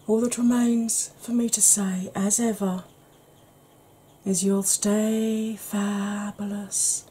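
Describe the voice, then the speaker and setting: A woman talking softly in a casual ASMR makeup video, drifting into whispers. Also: medium pitch, level tone, slow pace, slightly rough. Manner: chatty, softly spoken with whispered stretches. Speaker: beauty YouTuber. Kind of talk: soft-spoken ASMR makeup chat.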